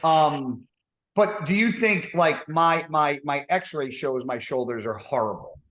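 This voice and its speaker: A man hosting a podcast, chatting casually in a rambling, joking way with halting restarts. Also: a little high, a bit bright. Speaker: podcast host.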